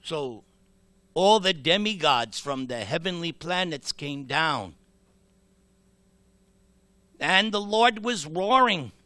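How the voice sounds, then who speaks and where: A man giving a temple sermon, telling a scripture story dramatically and slowly, with acted voices. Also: fairly high pitch, lively intonation, bright, forceful tone, no room sound. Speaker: temple speaker.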